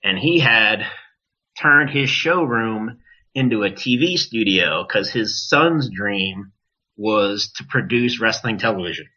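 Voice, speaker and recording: Animated man telling a wrestling story. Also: on the low side, slow. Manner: animated, profane, acts out quoted voices. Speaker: wrestler, podcast guest. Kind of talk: casual storytelling. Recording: dull lo-fi podcast audio.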